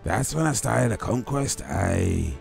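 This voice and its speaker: A man putting on a gruff Scottish medieval warlord. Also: fairly low pitch, animated, a little slow, darkish tone, faint music behind, full character voice. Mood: boastful. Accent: put-on Scottish. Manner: gruff, swaggering, calls people laddie.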